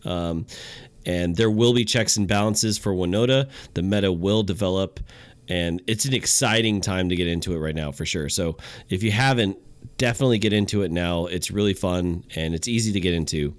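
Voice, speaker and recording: An easygoing man co-hosting a casual chat, talking with lots of fillers. His voice sits low, and the recording is dry and close. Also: fairly quick, no room sound. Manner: easygoing, with many fillers like "you know". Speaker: podcast co-host.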